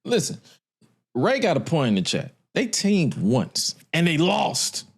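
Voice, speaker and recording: A man co-hosting a podcast in casual chat, animated, often acting out quoted lines in a raised voice. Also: unhurried, vocal fry, slightly rough. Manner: animated, acts out wrestlers' lines in a higher voice. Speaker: podcast co-host.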